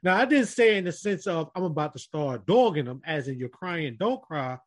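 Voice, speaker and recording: A man with a voice a little high for a man shares a story at a moderate pace during a relaxed group podcast chat. He speaks earnestly and keeps turning to address the others in the room.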